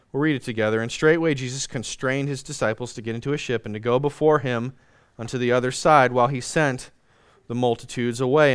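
A man's voice: mid-range voice, clear, resonant tone, no echo, clean studio sound. A man preaching a sermon, reading scripture aloud and leading an earnest prayer. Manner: earnest preaching, slows and drops soft in prayer; reads scripture aloud in old-fashioned wording. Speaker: pastor.

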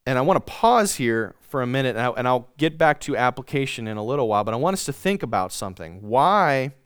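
A man's voice: mid-range voice, very animated, fast talker, smooth, dry recording, studio quality. A man preaching a sermon, reading scripture aloud and stressing key words, then asking the congregation questions and answering them himself.

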